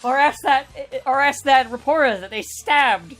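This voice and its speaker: A woman's voice: sits high, moderate pace, fairly bright tone, soft background music. A woman joking dryly and swearing while playing a game in casual chat. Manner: dry jokey, swears. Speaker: co-player.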